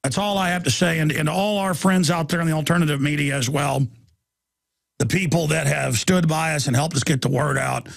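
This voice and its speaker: A middle-aged man hosting a radio show, rambling through shout-outs to his team and repeating words for emphasis. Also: on the high side, brisk, gravelly, dry recording, studio quality. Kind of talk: enthusiastic on-air shout-outs.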